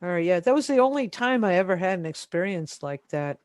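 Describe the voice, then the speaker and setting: A man being interviewed, telling a story in a casual, animated way with many fillers. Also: high voice, brisk, no echo. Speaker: interview guest.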